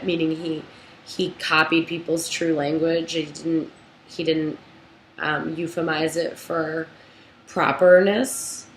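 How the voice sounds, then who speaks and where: A young woman with a low voice gives a lecture at a slow, deliberate pace, stopping often to restart her sentences. Her voice rings in an echoey room with a faint hum of ambience behind it. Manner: unhurried, thoughtful, with many ums and restarts. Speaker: literature teacher. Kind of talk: recorded lecture with a read-aloud passage.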